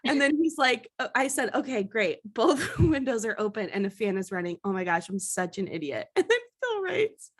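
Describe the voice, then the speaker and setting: A young woman co-hosting a podcast, telling a story in casual chat, animated and laughing at herself. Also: a little high, normal speed, few pauses. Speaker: podcast co-host.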